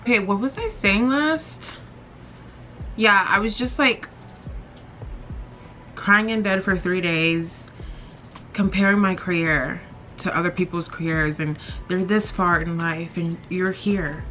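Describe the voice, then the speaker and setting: A woman's voice: on the low side, slow pace, long pauses, bright, forceful tone, faint music behind. A woman in her twenties chatting candidly in her bedroom while doing her makeup, rambling with lots of fillers. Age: 20s. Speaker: beauty vlogger.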